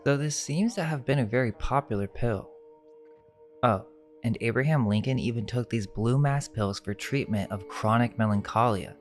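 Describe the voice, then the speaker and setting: A man reading a scripted narration in a measured, suggestive way, full of rhetorical questions. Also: mid-range voice, faint music behind. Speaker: narrator of a conspiracy video.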